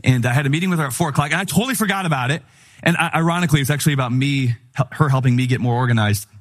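A middle-aged man preaching a sermon in a conversational, humorous style, telling animated stories. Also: medium pitch, racing. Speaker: pastor.

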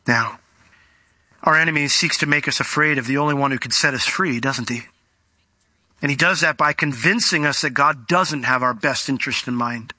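A male preacher giving an animated expository sermon, explaining what words mean and asking rhetorical questions. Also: a little high, fairly quick, dry recording.

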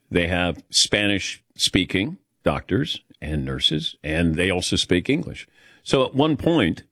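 A man's voice: lowish voice, a bit bright, breathy edge, no echo, clean studio sound. A middle-aged man hosting a radio talk show, telling a self-mocking story in a chatty way and laughing often.

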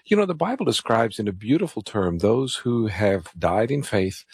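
A male co-host on a call-in Bible radio program introduces callers and reads out phone numbers. His fairly low voice moves lively up and down with a slight huskiness, recorded dry in the studio. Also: normal speed, creaky, slightly rough, dry recording.

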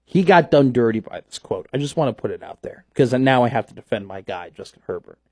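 A man hosting a casual sports talk show, rambling playfully and getting animated about his team. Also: medium pitch, brisk.

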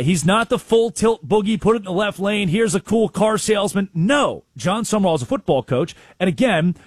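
Animated husky-voiced sports talk man. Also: high voice, normal speed, hardly any pauses, dry recording. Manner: excitable storyteller, acts out quotes, exclaims. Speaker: sports show co-host.

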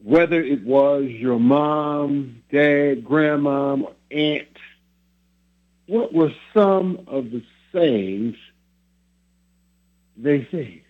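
A man's voice: a little high, drawn-out words, long pauses. A man hosting a casual chat, reflecting on family sayings and chuckling between thoughts. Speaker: host. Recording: phone-like line.

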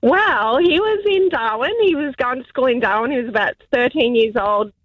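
A woman telling a story on a radio call-in show, chatty and easygoing. Her voice sits a little high. It sounds close and dry. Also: normal speed, no room sound, highs cut off. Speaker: caller.

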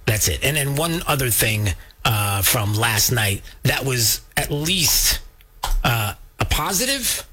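This man takes things slowly, his medium-pitched voice pushed and bright with big swings in pitch. Hosting a political talk radio show from the studio, he's emphatic and fired up, speaking straight to his co-host and his audience.

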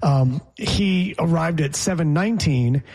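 A man's voice: fairly high pitch, measured pace, darkish tone, slightly rough. A man hosting a casual sports talk show, chatty, sometimes mimicking an announcer's delivery. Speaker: host.

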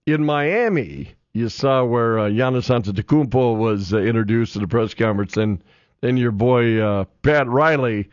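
A middle-aged radio sports host, reading scores in a loose, chatty way. His voice is a steady mid-range tone. It sounds dull and close, as if from a dry studio mic. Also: mid-range voice, moderate pace, no echo. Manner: loose and chatty, with frequent "uh" fillers as he reels off scores. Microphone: studio microphone.

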